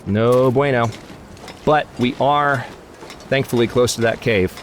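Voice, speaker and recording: A man's voice: medium pitch, steady tone, measured pace, a little hiss or hum. A man hosting a let's play, rambling through gaming commentary and grumbling at the game in exasperated asides. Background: game music.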